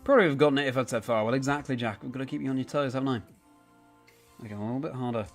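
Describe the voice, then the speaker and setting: A man's voice: medium pitch, rapid-fire, faint music behind. A young man chatting casually on a live stream, rambling and correcting himself as he answers viewers by name.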